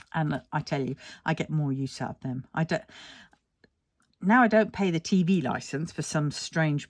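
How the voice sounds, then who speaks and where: A deep-voiced older Englishwoman, a budgeting vlogger, rambles casually about her finances while yawning and sounding weary, with a self-deprecating streak. The sound is dry and studio-clean.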